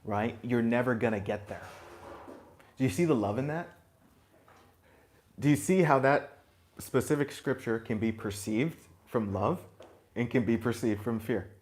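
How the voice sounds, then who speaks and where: A man giving a spiritual talk to a group, gentle and reflective, chuckling now and then and dropping in blunt asides. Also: medium pitch, a little slow, pauses often. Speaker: spiritual teacher.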